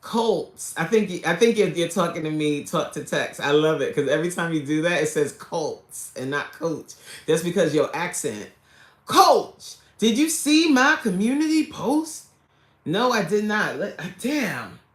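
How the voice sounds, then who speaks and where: A woman's voice: fairly low pitch, sing-song, moderate pace. A woman hosting a casual livestream, chatting loosely and greeting viewers by name as she jokes along. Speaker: livestream host and coach. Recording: echoey room.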